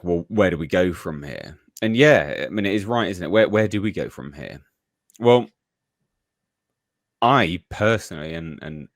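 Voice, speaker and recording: A man co-hosting casual political commentary, emphatic and deliberate, repeating points for effect. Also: low-pitched, dry recording, clean studio sound.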